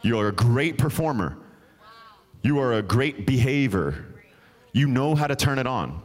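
A man preaching a sermon at a church service, earnest and conversational, speaking straight to the congregation. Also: medium pitch. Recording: loud music under the voice.

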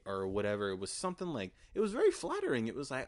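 A man's voice: medium pitch, huge pitch swings, fast talker, dry recording. A man in his twenties hosting a podcast, telling a story in a rambling, profane way full of filler words. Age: 20s. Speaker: podcast host. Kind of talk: casual storytelling monologue.

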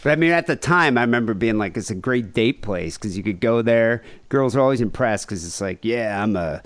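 A man's voice: mid-range voice, expressive, fairly quick, no room sound. A man in his thirties, hosting a casual comedy podcast, rambling and joking with laughs. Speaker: podcast host.

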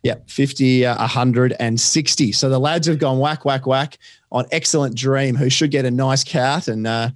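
An Australian man tipping horse races on a podcast, chatty and quick, with lots of fillers and restarts. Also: mid-range voice, steady tone, dry recording, clean studio sound. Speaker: racing podcast tipster. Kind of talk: casual racing chat.

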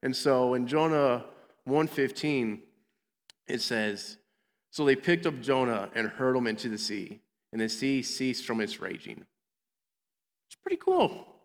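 A man's voice: medium pitch, lively intonation, a little slow. Man teaching kids in a reverberant hall. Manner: playful, acts out characters in little voices. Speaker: children's minister. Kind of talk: kids' Bible lesson.

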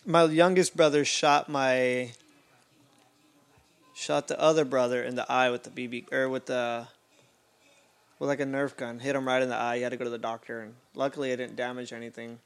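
Gravelly man with blunt short remarks. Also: mid-range voice, level tone, moderate pace. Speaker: podcast co-host. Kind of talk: casual chat.

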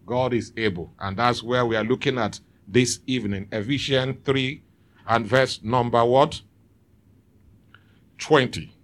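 A man's voice: mid-range voice, measured pace, a bit bright. Man preaching a sermon. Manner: preaching with call-and-response. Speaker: pastor. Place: church.

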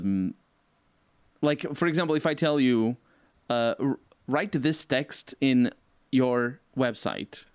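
Animated man ranting in casual chat. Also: medium pitch, smooth, dry recording. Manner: animated, exasperated rants with laughs.

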